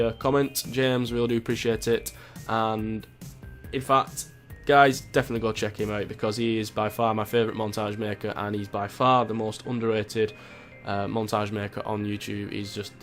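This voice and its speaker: A man in his twenties from Greater Manchester, with a local accent tinged with Yorkshire, chatting through viewer questions in a rambling, jokey, sweary way. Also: on the low side. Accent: Greater Manchester with a touch of Yorkshire. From Greater Manchester, England. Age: 20s. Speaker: YouTuber answering viewer questions. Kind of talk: casual Q&A vlog.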